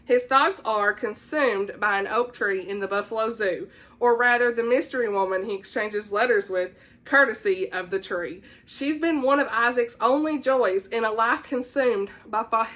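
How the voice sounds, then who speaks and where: Her voice sits fairly high and sounds a bit bright. She's a Southern US book vlogger in a casual chat about new releases, reading blurbs out loud, tripping over words and laughing at her own slips.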